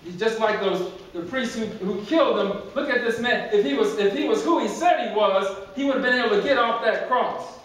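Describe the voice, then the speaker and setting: A male pastor preaches with emphatic storytelling and repeated phrases in a notably high voice. His voice rings through a very echoey church, and he is far from the microphone. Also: moderate pace, hardly any pauses, a bit bright. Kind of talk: sermon. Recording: very echoey church, distant mic.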